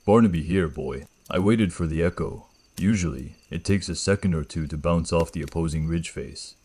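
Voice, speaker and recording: A man with a slight gravel in his throat, telling a first-person horror story in a slow, measured, ominous way. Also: low voice, steady tone, a little mellow.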